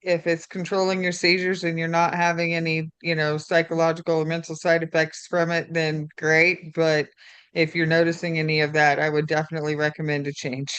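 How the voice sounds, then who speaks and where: A woman's voice: low voice, little pitch movement, a little fast, fairly bright tone, clear, resonant tone, no room sound. A woman in a group chat giving blunt, direct advice. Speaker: participant.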